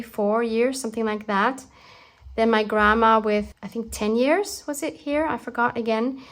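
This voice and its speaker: A woman hosting a crafting video, chatting casually and warmly as she works, laughing often and gushing over her projects. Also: a little high. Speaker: crafting channel host. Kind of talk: casual craft tutorial chat.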